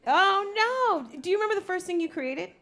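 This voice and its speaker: A woman co-hosting a live podcast taping, playful and quick with asides and laughter. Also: very high voice, animated. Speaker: co-host. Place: stage before a live audience.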